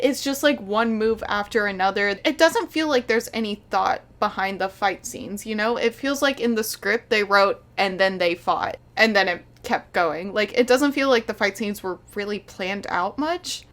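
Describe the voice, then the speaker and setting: A woman's voice: on the high side, fairly bright tone, low-quality recording. A young woman in her twenties, an animator, giving a casual video review in an incredulous, sarcastic way, often laughing.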